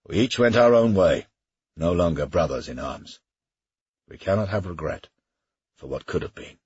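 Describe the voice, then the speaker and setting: A man voicing a talkative, teasing Welsh mercenary captain in an audiobook, with a husky voice. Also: low voice, lively intonation, moderate pace, darkish tone, dry recording, muffled recording, exaggerated voice. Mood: earnest. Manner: wry, chatty, teasing. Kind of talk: audiobook character reading.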